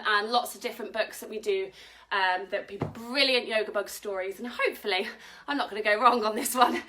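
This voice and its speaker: A woman's voice: fairly high pitch, pushed and bright. A woman leading a live kids yoga class, reading a story aloud with cheerful, encouraging instructions. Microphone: live stream camera mic at a distance. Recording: echoey room, mic at a distance.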